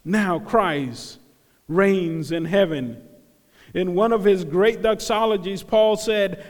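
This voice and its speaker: A man preaching a sermon, animated, acting out the crowd's voices and dropping to hushed tones. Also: high-pitched, slow pace, big-room sound. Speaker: pastor.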